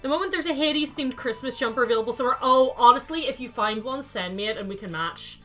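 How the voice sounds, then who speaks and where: A woman's voice: fairly high pitch, quick pace, sharp tone, faint music behind. A young woman chatting casually to her live-stream viewers while playing a game, thinking aloud and answering chat by name.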